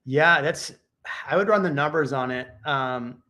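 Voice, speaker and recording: A man's voice: on the high side, a little slow, sharp tone. A man hosting a casual chat show, giving real estate advice in a laid-back, joking way, thinking aloud and restarting his sentences. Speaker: real estate agent and podcast host.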